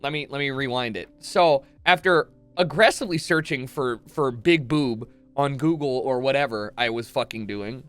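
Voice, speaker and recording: A man's voice: medium pitch, moderate pace, hardly any pauses, clear, resonant tone, soft background music. A young man in his twenties, a streamer telling a comic story with swearing and acted-out quotes. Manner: swearing, excitable, acts out quotes. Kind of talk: animated comedic storytelling.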